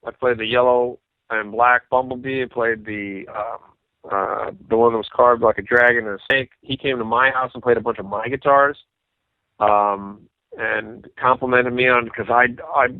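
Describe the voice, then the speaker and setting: A man's voice: mid-range voice, dry recording. A man in a casual interview, animatedly telling stories and acting out what others said. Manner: animated, acts out quoted voices. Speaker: musician guest. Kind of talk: casual storytelling. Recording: tinny phone-like line, dry.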